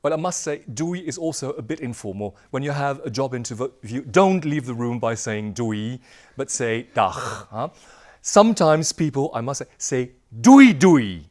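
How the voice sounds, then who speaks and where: A man's voice: medium pitch, lively intonation, moderate pace. Playful man teaching a language class. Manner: playful, repeats himself, laughs often; drills words for the class to repeat. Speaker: Dutch language instructor. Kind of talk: lively classroom presentation.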